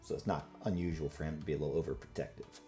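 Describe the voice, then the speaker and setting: A man narrating a tabletop game as game master, relaxed and full of fillers. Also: a bass voice, racing, soft background music.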